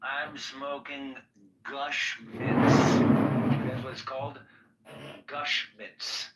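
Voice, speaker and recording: A man's voice: medium pitch, completely flat delivery, slow pace, roomy sound, recorded from a distance, heavy background noise. A man in casual chat who talks about a slight lisp, chatty and self-conscious about his speech. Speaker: guest.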